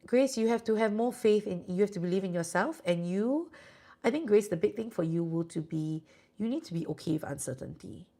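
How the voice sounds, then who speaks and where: Speaking fairly quickly in an expressive, mid-range voice that is both gravelly and mellow, this Singaporean woman gives tarot readings on a live stream. She's chatty and comforting toward viewers, adds "lah" here and there, and seems drowsy, yawning as she goes.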